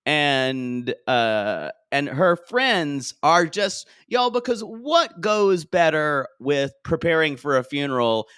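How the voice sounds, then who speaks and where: Animated, giggly male podcast co-host. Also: fairly high pitch, clean tone, dry recording, clean studio sound. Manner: animated, giggly, quick to laugh. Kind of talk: casual chat recapping a reality show.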